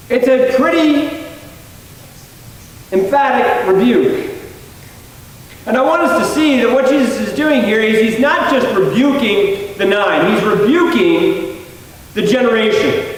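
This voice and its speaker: A man delivers a sermon in a church sanctuary, speaking earnestly and conversationally and often stopping to restart a sentence. His voice sits high and carries a long, hall-like reverb. He sounds a good distance from the microphone. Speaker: preacher. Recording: echoey church hall, mic far off.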